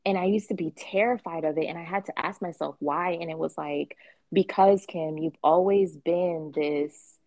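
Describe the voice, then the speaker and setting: A woman's voice: on the low side, normal speed, a little mellow, no echo. A woman hosting a podcast, talking candidly and reflectively in casual conversation. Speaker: podcast host.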